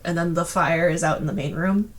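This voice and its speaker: A woman's voice: fairly low pitch, brisk. A woman narrating as game master of a tabletop game, easygoing, with frequent hesitant fillers and laughter.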